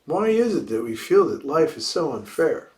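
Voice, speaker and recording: A man's voice: on the high side, very animated, normal speed, a little mellow. A man giving a dharma talk as a Buddhist teacher, reflective, often posing rhetorical questions and repeating key phrases for emphasis. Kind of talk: dharma talk after meditation. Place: livestreamed evening service.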